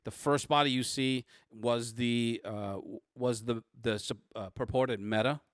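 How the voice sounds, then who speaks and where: A man narrating as game master of a tabletop role-playing game, halting with many fillers and restarts. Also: mid-range voice, fairly even intonation, dry recording, clean studio sound.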